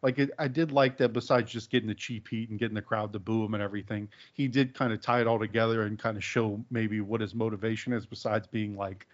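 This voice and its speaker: A man's voice: lowish voice, steady tone, fast, hardly any pauses. A man hosting a casual podcast, talking in a laid-back, rambling way with lots of fillers. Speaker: podcast host. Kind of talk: casual wrestling podcast chat. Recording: dull lo-fi podcast audio.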